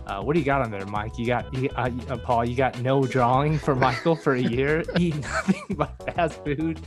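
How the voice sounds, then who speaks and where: A man's voice: mid-range voice, moderate pace, few pauses, music in the background. A man hosting a casual podcast, joking and rambling with lots of fillers. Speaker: podcast host.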